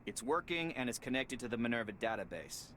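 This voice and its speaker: An actor playing a stern, precise scientist instructor who speaks in a cold, clipped, authoritative way. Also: male voice, medium pitch, sing-song, brisk, fairly bright tone, a little hiss or hum.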